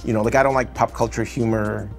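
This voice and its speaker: A man's voice: lowish voice, steady tone, quick pace, gravelly, faint music behind. Russian-accented man, rambling interview chat. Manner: rambling, filler-heavy, often adds "you know" and "right?". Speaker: animation film director. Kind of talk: casual interview talk.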